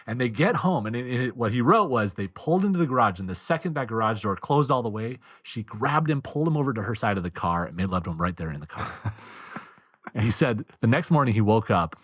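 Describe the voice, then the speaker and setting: A man's voice: medium pitch, quick pace, no room sound. A man speaking as a guest on a podcast about marriage, telling stories with energy and acting out the quotes. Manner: animated storyteller, acts out quotes. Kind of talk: podcast conversation.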